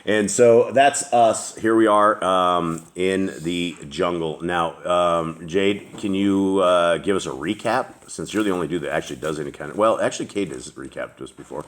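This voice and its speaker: A man's voice: low-pitched, normal speed, few pauses. A man hosting a casual group chat, rambling with many fillers and restarts. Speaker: host.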